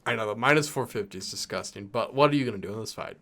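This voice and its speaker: A man's voice: fairly low pitch, very fast, fairly bright tone. A man co-hosting a fight betting podcast in a laid-back way, laughing often. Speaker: podcast co-host. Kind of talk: casual betting chat.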